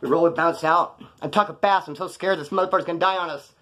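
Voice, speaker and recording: A man's voice: on the high side, fast. A man telling stories from his past to the camera in casual vlog style, full of street slang and swearing, acting out the other people in them. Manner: streetwise slang, swearing, lively acted-out quotes. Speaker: vlogger telling prison stories. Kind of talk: casual storytelling monologue.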